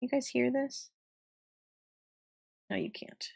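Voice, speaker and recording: A woman streamer chatting casually with her viewers, giggling often and reacting warmly to their messages. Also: high voice, slow pace, creaky, husky, no echo, studio quality. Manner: giggly and chatty, talks to chat.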